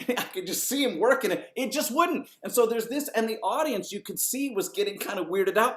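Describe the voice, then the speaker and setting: A man, an orchestra conductor, telling a story in an animated, conversational way and swearing casually. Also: sits high, fairly quick, few pauses.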